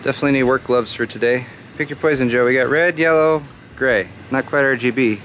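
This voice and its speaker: A man's voice: mid-range voice, a little fast, a bit bright, soft background music. A man in his thirties hosting a casual home-project vlog outdoors, chatty and self-deprecating with jokes. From Southern California. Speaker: YouTube host. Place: outdoor side yard of a house.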